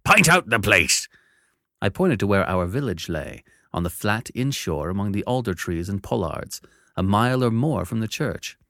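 A deep-voiced man narrating a classic novel in an expressive, measured first-person telling. His pitch rises and falls freely as he paints each scene. The room is dry and close. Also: dry recording.

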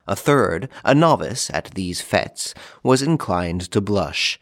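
A man reading a classic novel aloud in a measured, formal narration. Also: on the low side, lively intonation, no echo, clean studio sound. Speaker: audiobook narrator. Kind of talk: scripted narration.

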